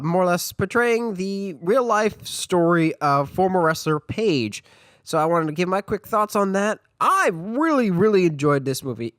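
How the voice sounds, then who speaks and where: A man's voice: high voice, fairly bright tone, dry recording. A man with a congested voice, hosting a casual solo movie podcast and chatting with enthusiasm. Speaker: podcast host.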